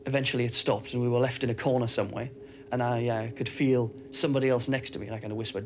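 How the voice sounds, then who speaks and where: A man recounts his ordeal in quick, measured testimony. His pitch barely moves, and his words come steadily. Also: fairly even intonation, slight background noise. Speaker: interviewee recalling captivity. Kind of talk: personal testimony.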